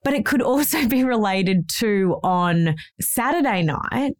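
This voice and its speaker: A woman's voice: mid-range voice, expressive, unhurried. A woman co-hosting a podcast, a mother of a baby, talking frankly and chattily in a casual chat, with the odd swear. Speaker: podcast co-host.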